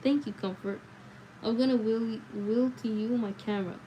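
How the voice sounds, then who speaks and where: A woman's voice: fairly high pitch, fairly even intonation, moderate pace, warm tone, slight background noise, close to an everyday voice, low-quality recording. A woman with a slightly sore voice reading the lines of an anxious, earnest little boy from a book, lifting her voice a little for him.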